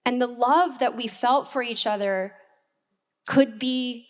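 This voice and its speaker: Slow-speaking woman pastor, higher voice. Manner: candid and personal, with reflective pauses. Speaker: assistant pastor. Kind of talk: sermon. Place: church hall.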